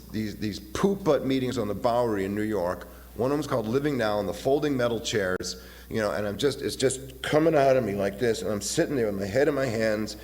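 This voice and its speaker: A man in his fifties giving a halting, personal talk at a recovery meeting, often repeating his words and acting out voices as he retells. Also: mid-range voice. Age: 50s. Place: meeting hall. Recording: long hall reverb, faint hiss.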